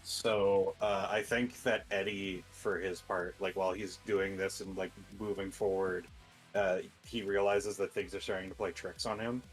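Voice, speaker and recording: A man's voice: low voice, flat delivery, normal speed, soft background music, rough recording. A man playing a tabletop role-playing game, describing his character's actions in a rambling way with fillers. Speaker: player.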